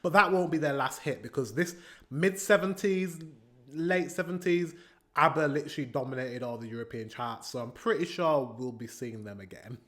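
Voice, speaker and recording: A man's voice: on the high side, normal speed, fairly bright tone. A British man giving chatty, rambling commentary while reacting to music, laughing often between remarks. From Britain. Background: faint pop music playing.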